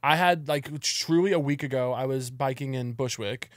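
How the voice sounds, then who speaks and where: A man hosting a podcast, chatting casually with quick jokes. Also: mid-range voice, background noise. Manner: quick, jokey interjections and exaggerated voices. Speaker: podcast host. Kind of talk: casual chat.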